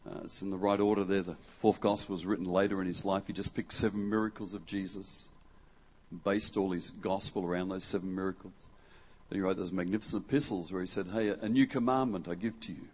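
A husky-voiced man from Western Australia preaches in a relaxed, joking way to a congregation in a church hall. His comes through as he chats with the crowd. He acts out the words of the people in his stories. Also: sits low, a little fast. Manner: jokey and conversational, acts out quotes. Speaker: guest preacher. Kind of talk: lively sermon with audience interaction.

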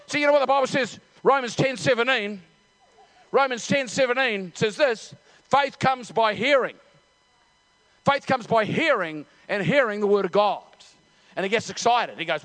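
High-voiced preacher, animated. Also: male voice, moderate pace. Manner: animated storytelling, acting out voices; repeats and restarts, builds to shouts. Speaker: pastor. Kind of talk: sermon.

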